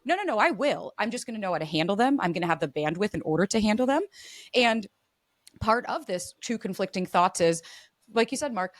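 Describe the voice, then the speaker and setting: A woman's voice: mid-range voice, a little fast, no room sound. Earnest woman coach explaining relationships. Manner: earnest, animated, acts out example dialogue. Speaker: podcast guest, relationship coach. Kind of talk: explanatory interview talk.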